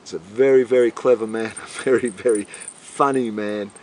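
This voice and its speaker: A man's voice: lowish voice, fairly even intonation, normal speed, a little mellow, a little hiss or hum. A middle-aged man being interviewed, rambling in a boisterous, swaggering and profane way. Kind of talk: rambling casual interview talk.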